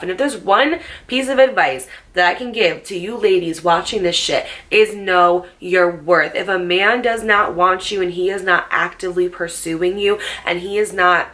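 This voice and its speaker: A woman in her late twenties telling a storytime vlog to camera, animated and sassy, swearing freely. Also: mid-range voice, normal speed, hardly any pauses. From New Jersey. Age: late 20s. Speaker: storytime vlogger.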